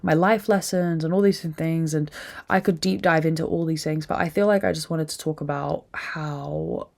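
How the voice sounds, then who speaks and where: A young woman talks alone into the mic, her voice sitting low and dark. She is drained and upset, and she vents openly with plenty of swearing. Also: fairly even intonation, moderate pace, vocal fry. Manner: emotional venting, frequent swearing. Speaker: podcast host. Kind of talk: candid solo monologue.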